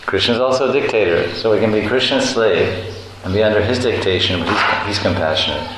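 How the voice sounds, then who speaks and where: A man giving a devotional lecture as a spiritual teacher, animated and playful, often laughing and acting out voices. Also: lowish voice, brisk. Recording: echoey room with background noise.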